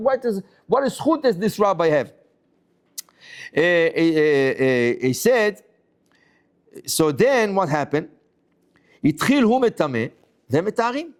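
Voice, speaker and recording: A man, a rabbi, teaching a Talmud class as a lively story, acting out the dialogue and restating each point for his students. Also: extremely high pitch. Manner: acts out the dialogue of the story, exclaiming and questioning.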